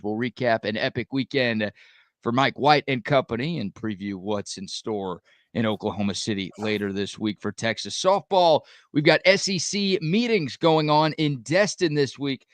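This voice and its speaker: A man's voice: medium pitch, dry recording. Upbeat man hosting a sports radio show. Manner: brisk, upbeat show rundown. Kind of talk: show opening and casual chat.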